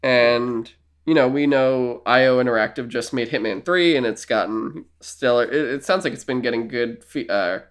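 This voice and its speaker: A man co-hosting a casual podcast, rambling and animated, acting out little quoted exchanges as he talks. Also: medium pitch, moderate pace. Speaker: podcast co-host. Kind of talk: casual chat.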